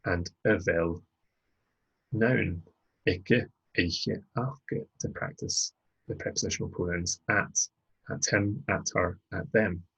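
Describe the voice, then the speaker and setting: A man teaching a recorded language lesson, going slowly and patiently and repeating phrases for learners. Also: sits low, gravelly, fairly bright tone, breathy edge, muffled recording. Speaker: language tutor.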